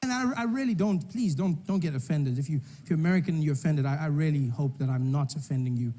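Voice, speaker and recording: A man's voice: a little high, fast, warm tone. A man performing a stand-up comedy routine on stage, riffing playfully with the crowd.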